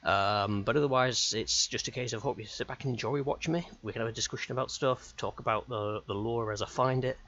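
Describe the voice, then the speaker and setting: A man's voice: mid-range voice, steady tone, a little fast, hardly any pauses, a bit bright, lo-fi sound. A man chatting live as a game streamer, rambling and self-deprecating. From United Kingdom. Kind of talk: live gaming stream chat.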